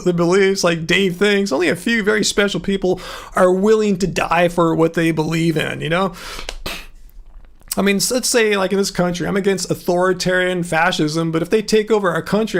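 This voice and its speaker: A man with a high voice and a gravelly rasp hosts a casual live stream. He rambles and gets indignant as he answers chat, and his voice is starting to go. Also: fairly bright tone.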